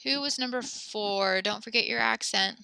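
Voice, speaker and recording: A woman teaching a French class over a video call, patient and encouraging, reading sentences slowly and praising her students. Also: fairly high pitch, vocal fry, sharp tone, clear, resonant tone, dry recording.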